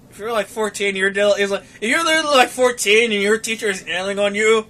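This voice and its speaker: A young man co-hosting a casual podcast, often laughing and acting out quoted lines in loud voices. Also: high voice, fast talker. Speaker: podcast co-host.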